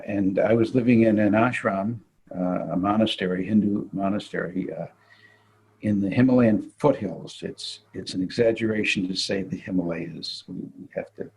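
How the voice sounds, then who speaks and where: An older man, a physician, telling an animated anecdote in conversation and laughing as he goes. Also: fairly low pitch, creaky, breathy edge, low-quality recording. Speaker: guest physician. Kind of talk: storytelling in conversation.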